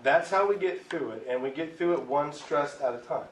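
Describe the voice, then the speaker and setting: A man teaching a class in a relaxed, chatty way, often checking in with "right?". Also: fairly high pitch, moderate pace. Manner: conversational, keeps asking "right?". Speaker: tobacco cessation instructor. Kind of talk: classroom lecture. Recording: echoey room, mic far off, faint hiss.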